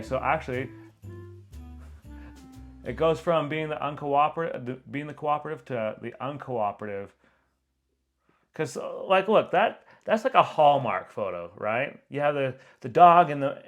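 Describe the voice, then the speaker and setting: A man's voice: medium pitch, measured pace. A young man, a photographer, giving casual reaction commentary, rambling with lots of fillers and frequent laughter.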